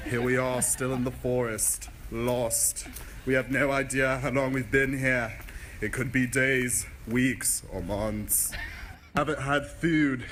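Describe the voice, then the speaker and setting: A mock-solemn British nature-documentary narrator, as a young man puts him on, drawls each line slowly. It was filmed on a phone outdoors, with plenty of noise behind him. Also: medium pitch, a bit bright. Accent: put-on British documentary narrator accent. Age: 20s. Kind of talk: comic home-video mockumentary. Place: outdoors in a park. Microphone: phone camera. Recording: noisy outdoor phone video.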